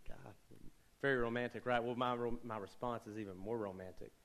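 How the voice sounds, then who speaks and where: A man's voice: mid-range voice, fairly even intonation, fairly quick, a bit bright, low-quality recording. A young man preaching a sermon as pastor, conversational with joking asides and rising emphasis.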